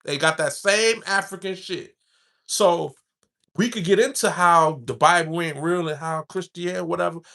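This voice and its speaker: High-voiced man preaching in street talk. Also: moderate pace, vocal fry. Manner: animated, street-inflected, repeats himself for emphasis. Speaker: podcast host. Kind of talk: impassioned casual talk.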